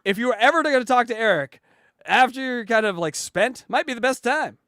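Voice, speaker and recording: A man's voice: extremely high pitch, animated, brisk, pushed and bright, no echo, clean studio sound. A man co-hosting a podcast, joking crudely in casual chat.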